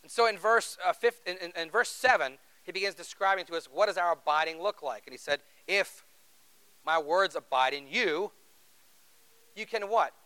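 A man's voice: high-pitched, normal speed, bright, forceful tone, smooth, rough recording. A man preaching a sermon in an earnest, conversational way, asking the congregation rhetorical questions. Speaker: pastor.

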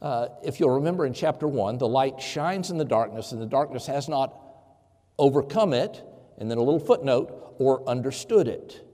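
A man's voice: mid-range voice, lively intonation, normal speed, warm tone, long reverb tail. A man preaching a conversational sermon as pastor, with many fillers and restarts.

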